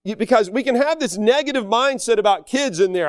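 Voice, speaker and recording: A man preaching with a lively, swooping delivery, mocking himself as he tells his stories. His voice sits high and sounds smooth and resonant. The recording is close and dry. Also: fairly quick, few pauses, no echo. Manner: animated, self-deprecating, storytelling. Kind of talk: sermon.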